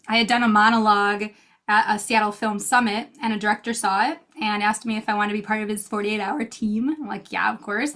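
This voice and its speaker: A woman in her thirties, an actress telling stories in a casual interview, bubbly and quick to laugh while acting out quotes. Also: fairly high pitch, a bit bright. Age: 30s. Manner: bubbly storyteller, laughs often, acts out quotes. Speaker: actress and guest. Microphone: video call.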